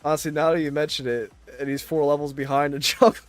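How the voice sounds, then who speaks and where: A man's voice: fairly high pitch, flat delivery, quick pace, faint music behind. A man ranting in casual chat, exasperated and swearing constantly.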